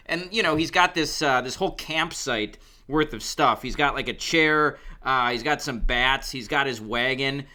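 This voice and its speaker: A man co-hosting a podcast, chatting in an easygoing, halting way. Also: medium pitch, bright, forceful tone. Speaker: podcast co-host. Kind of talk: casual chat.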